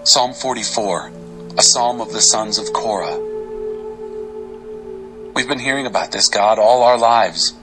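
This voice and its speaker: A man giving an expressive, dramatic reading of Bible psalms over faint music. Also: fairly low pitch, rough recording. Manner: expressive, varied delivery. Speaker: scripture reader.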